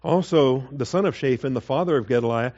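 A man giving a conversational verse-by-verse Bible teaching, with asides and quick acted quotes. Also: mid-range voice, darkish tone, highs cut off.

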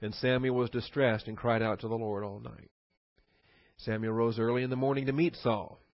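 A male preacher works through scripture verse by verse, chatty and animated, with dry sarcastic asides. His mid-pitched voice is recorded dry and sounds a bit dull. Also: normal speed, no echo. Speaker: Bible teacher. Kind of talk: verse-by-verse sermon teaching.

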